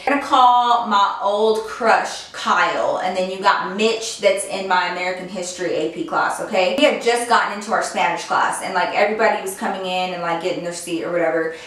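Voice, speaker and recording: A woman's voice: medium pitch, brisk, few pauses, fairly bright tone. A young woman telling a story to her vlog viewers in a casual, chatty way, full of filler words and offhand swearing, in her home office. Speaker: vlogger. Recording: very echoey room, voice far from mic.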